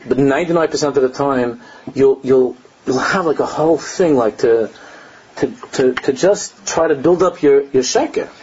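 Speaking with a darkish, mid-range voice, an older man who is a rabbi gives a Torah lesson full of animated storytelling, laughing at his anecdotes and weaving Hebrew and Aramaic into his English. The dull lo-fi recording carries a little hiss or hum.

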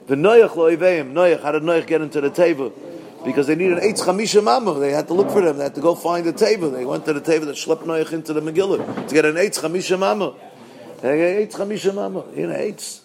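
Gravelly high-voiced man giving a lively talk. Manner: swings between loud bursts and low asides; asks rhetorical questions and answers them. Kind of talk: Purim Torah talk.

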